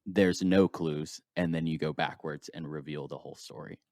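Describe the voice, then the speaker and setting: A man hosting a casual interview who talks in a relaxed, hesitant way full of fillers. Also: extremely low pitch, moderate pace, no room sound, studio quality.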